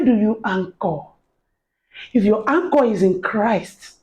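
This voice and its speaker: A woman's voice: mid-range voice, animated, unhurried, darkish tone, poor audio. A woman giving an earnest personal faith testimony to camera, acting out the voices of people she quotes. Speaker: faith encouragement speaker.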